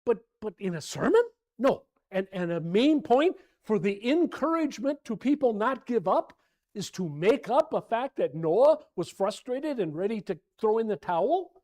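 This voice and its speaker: This high-voiced man speaks at a moderate pace while teaching an informal church Bible class. He rambles with animation, keeps repeating himself, and comes across as exasperated.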